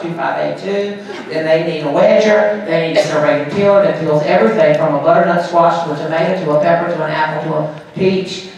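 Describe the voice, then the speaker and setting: A man giving a joking, animated sales talk to a conference audience. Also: a little high, slight background noise. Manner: animated, joking, quick asides and crowd banter. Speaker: conference speaker. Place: large conference hall. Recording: echoey hall, speaker far from mic.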